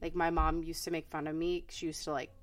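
A woman's voice: low-pitched, little pitch movement, fairly quick. A woman co-hosting a podcast in casual chat, blunt and frank and swearing freely. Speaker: podcast co-host.

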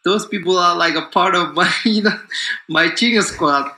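A confident man in his forties talks about himself in a loose, easygoing flow, circling back with fillers. His voice sits a little high and rings bright and forceful. The room around him is echoey. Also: moderate pace. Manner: confident and upbeat, loose and rambling with many fillers. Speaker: guest, distance runner. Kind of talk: casual interview talk.

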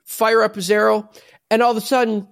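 A man's voice: sits high, little pitch movement, fairly quick, gravelly. A man hosting a podcast, retelling an anime episode in casual, profane chat and acting out the lines. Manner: profane, laughing retelling with acted quotes. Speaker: podcast host.

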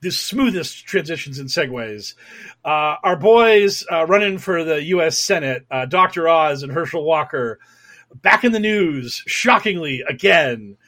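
A young podcast host rants about politics in a casual, sarcastic way, swearing, stammering, restarting his sentences and working himself up into anger. His voice is a little high and fairly bright, expressive, and paced in a measured way.

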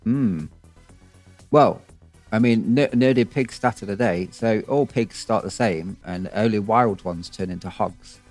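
A man's voice: on the low side, measured pace, darkish tone, soft background music. A man on a casual podcast, making dry, brief interjections. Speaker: podcast co-host.

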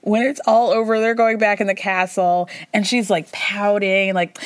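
A woman hosting a podcast, recapping casually in a chatty, animated way and jumping into high mimicking voices. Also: moderate pace, no room sound, studio quality. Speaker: podcast host.

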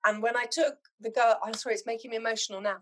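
A middle-aged woman from Zimbabwe, chatting as a podcast guest and telling animated, heartfelt stories. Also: fairly high pitch, racing. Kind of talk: casual chat.

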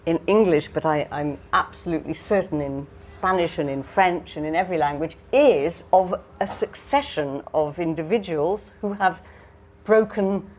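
Woman author on a panel, lowish voice, keeps circling back to make her point, faint room noise. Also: lively intonation, normal speed, darkish tone. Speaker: writer on a panel. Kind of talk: panel discussion.

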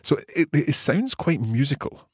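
In studio-quality audio with no room sound, the middle-aged host of a scripted language-lesson podcast sounds fairly high, sing-song and husky, going a little slowly. He's curious and good-humoured, a learner who asks many questions.

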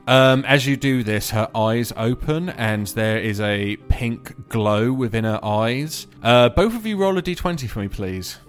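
A man narrating as game master of a tabletop game, playful and giggly, with quick voiced asides. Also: medium pitch, faint music behind.

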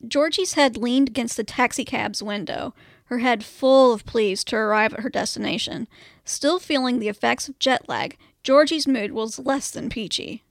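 A woman podcast co-host reading a comic story aloud, animated and swearing casually. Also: on the high side, normal speed, vocal fry, no room sound, clean studio sound.

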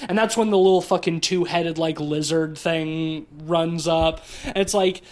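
A man's voice: fairly high pitch, a little slow. A man in his thirties co-hosting a podcast, talking casually and profanely about a film. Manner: rambling, animated, profane. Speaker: podcast co-host.

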